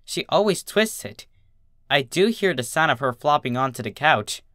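A man reading a dark story aloud in first-person narration, with a halting, tense delivery. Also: a little high, expressive, no room sound, studio quality. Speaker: fanfiction reader.

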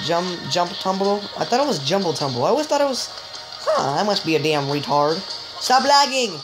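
Excitable woman gamer over loud game music. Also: brisk, poor audio. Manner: joking, excitable, with sudden high yelps; chatty, talks straight to viewers. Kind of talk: casual let's-play commentary.

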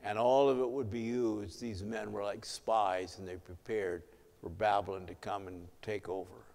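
A male pastor preaching an evening sermon, telling the story in a measured way and letting his voice swell and drop for emphasis. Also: fairly low pitch, steady tone, creaky, darkish tone. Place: church sanctuary. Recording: long hall reverb.

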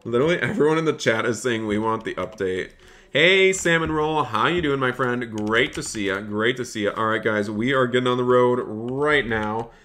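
A man live-streaming a roleplay game, chatting excitedly with his viewers and calling out to customers, often repeating his phrases. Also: mid-range voice. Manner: excitable, chatty, talks straight to his chat; repeats phrases, calls out in a raised shop-counter voice. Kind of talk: live gaming stream commentary.

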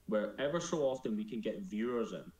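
A man's voice: on the low side, expressive, fairly quick, a little mellow, echoey room. A man chatting casually on a live stream, joking and teasing himself. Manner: playful, joking, self-mocking.

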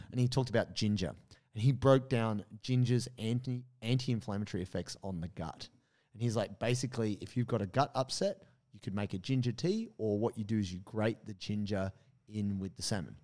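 A man's voice: fairly low pitch, a little mellow. A man, telling a story in casual podcast chat with many fillers and quoted asides. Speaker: podcast co-host.

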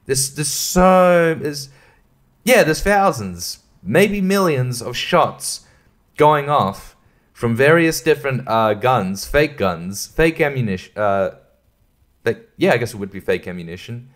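A man's voice: mid-range voice, expressive, slow pace. A man hosting a casual solo podcast, rambling and swearing freely, often breaking into laughter. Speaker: podcast host.

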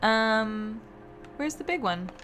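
A woman's voice: on the high side, expressive, slow, a bit bright, slight background noise. A woman streaming a video game on a close mic, casually commenting, talking to herself and swearing when frustrated. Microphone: close desk mic. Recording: game music behind.

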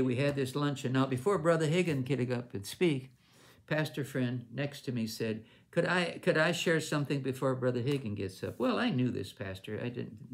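A man's voice: medium pitch, vocal fry. An older man, a ministry leader, telling a long personal story at a missions conference in a rambling, informal way, restarting sentences as he goes. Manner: rambling with restarts, acts out others' lines in raised voice.

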